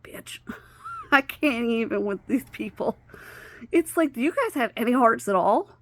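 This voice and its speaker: A woman's voice: a little high, animated, normal speed, fairly bright tone, no room sound. A woman vlogger candidly telling a painful personal story, swearing and sometimes dropping to a near whisper. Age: adult stepmother of a teenager.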